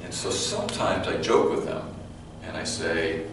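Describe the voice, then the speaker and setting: A male pastor with a Californian accent preaching a sermon in a church sanctuary, talking conversationally with halting restarts and light joking. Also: deep voice. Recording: very echoey hall, mic far off, faint noise.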